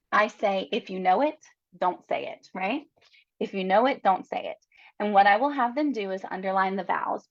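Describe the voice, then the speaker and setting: A woman in her thirties presenting a reading-instruction webinar in a chatty, encouraging way. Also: mid-range voice. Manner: chatty and encouraging, tags statements with "right?". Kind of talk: casual webinar teaching. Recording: slightly dull lo-fi webinar audio.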